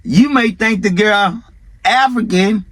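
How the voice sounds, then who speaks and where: A man's voice: sits high, slow pace, a bit bright, dry recording. A man hosting a show, commenting in a laid-back, slangy way with chuckles. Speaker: host. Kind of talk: casual commentary.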